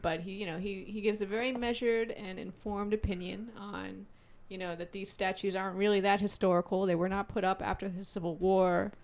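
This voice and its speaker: A woman's voice: medium pitch, fairly even intonation, fairly quick, a little mellow. A woman co-hosting a podcast in casual chat, speaking in a dry, matter-of-fact way. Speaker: podcast co-host.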